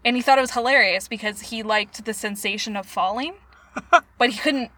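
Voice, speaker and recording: A young woman co-hosting a podcast in casual chat, chatty and quick to giggle as she tells stories. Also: fairly high pitch, sharp tone. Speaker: podcast co-host.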